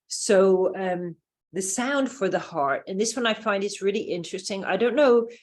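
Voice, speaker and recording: A woman's voice: medium pitch, normal speed, darkish tone. A woman from England with a British accent, leading a group lesson and explaining in a loose, rambling way with many fillers. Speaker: workshop teacher.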